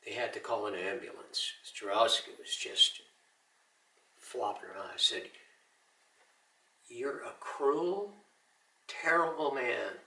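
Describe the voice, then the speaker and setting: A man's voice: mid-range voice, slow pace, long pauses, bright, forceful tone, reverberant, far from the mic, rough recording. An older man, an Army veteran, giving an earnest personal testimony with Christian encouragement. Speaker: Army veteran telling his story.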